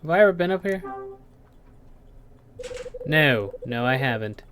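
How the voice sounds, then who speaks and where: A tired let's play host, musing aloud in a low-key voice while playing a detective game. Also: animated, measured pace, background noise. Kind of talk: casual game commentary.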